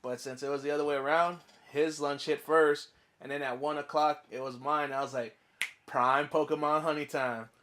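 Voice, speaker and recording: A man co-hosting a podcast, telling a relaxed, easygoing story with some swearing. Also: a little high, moderate pace. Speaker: podcast co-host. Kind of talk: casual chat.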